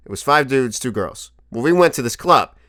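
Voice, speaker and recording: A man in his twenties telling a comic story to camera as a vlogger, animated and profane, often laughing. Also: medium pitch, moderate pace, dry recording, clean studio sound. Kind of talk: comedic storytelling monologue.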